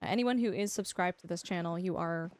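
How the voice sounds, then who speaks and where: A woman livestreaming a game, chatting casually and teasingly with her viewers, with quiet music behind her. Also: fairly low pitch, brisk. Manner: chatty, animated, teasing, talks to chat. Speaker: streamer. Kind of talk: casual livestream chat while gaming.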